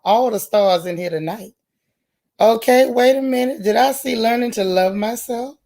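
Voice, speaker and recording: A woman's voice: fairly high pitch, gravelly. A woman hosting a casual livestream, chatty and folksy, greeting each viewer by name with pet nicknames. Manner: folksy, relaxed slang. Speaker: livestream host. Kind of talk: casual live-chat stream.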